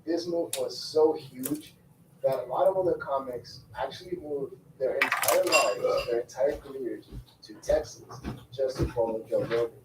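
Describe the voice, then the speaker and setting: A man's voice: mid-range voice, normal speed, roomy sound, distant mic, background noise. A man narrating a commentary video, stressing points by repeating phrases.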